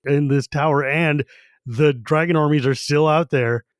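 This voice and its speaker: A man's voice: fairly high pitch, fairly even intonation, unhurried, no echo, studio quality. A man hosting a podcast, casually retelling a book chapter in a rambling way. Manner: rambling retelling, lots of "he's like". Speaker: podcast host.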